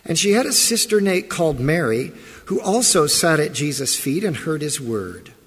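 A male pastor delivers a sermon with a slightly husky, higher-than-usual voice. He talks slowly and leans on rhetorical questions, his pitch rising and falling widely. The reverb of a large church hangs after his words. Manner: expressive preaching, rhetorical questions. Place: church sanctuary.

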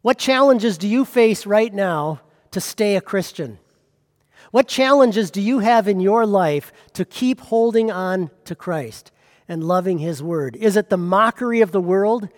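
A man's voice: high-pitched, expressive, measured pace, in a large hall. A man preaching a sermon as pastor, pressing with rhetorical questions.

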